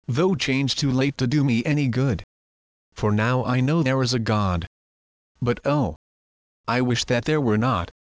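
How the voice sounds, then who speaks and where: A man's voice: mid-range voice, no room sound, lightly acted. A man reading as a wretched, remorseful damned philosopher. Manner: lamenting, remorseful.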